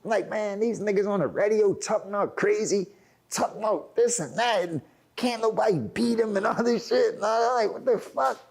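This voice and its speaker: A man with a Philadelphia accent telling a profane, animated story, acting out quotes with big swings in pitch and filling his talk with "like". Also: moderate pace, creaky. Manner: profane slang, frequent "like". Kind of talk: animated anecdote.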